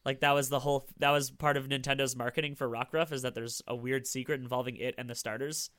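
Bright-voiced man in casual chat. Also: mid-range voice, level tone, smooth, dry recording, studio quality. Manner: fast, enthusiastic, swears casually. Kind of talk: casual podcast chat about games.

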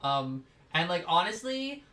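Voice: mid-range voice, sing-song, a little slow, sharp tone. A podcast co-host in casual conversation, weighing ideas aloud. The speech is hesitant and full of fillers and restarts. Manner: thoughtful, hesitant, many fillers. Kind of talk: casual chat.

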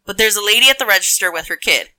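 A woman's voice: mid-range voice, expressive, rapid-fire, pushed and bright. A woman telling an exasperated, profane story in casual chat as a podcast co-host.

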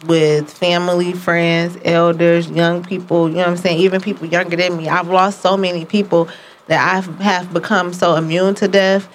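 A woman's voice: lowish voice, little pitch movement, moderate pace, slight background noise. A woman co-hosting a casual talk show, telling stories candidly and often checking in with "you know what I'm saying". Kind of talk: casual conversation.

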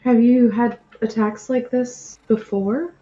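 Slow, mellow-voiced woman player. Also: on the high side, fairly even intonation, lo-fi sound. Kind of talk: tabletop role-play.

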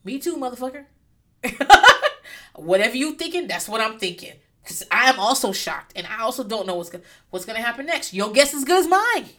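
A young woman hosting a podcast, telling a story in a casual, profane, animated way and laughing often. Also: a little high, fast. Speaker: podcast host. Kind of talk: casual comedic recap.

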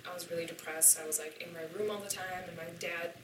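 A woman's voice: lowish voice, steady tone, fast talker, background noise. A woman in her twenties, a podcast guest, telling a personal story in a candid, profane way and acting out the dialogue. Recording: echoey room, distant mic.

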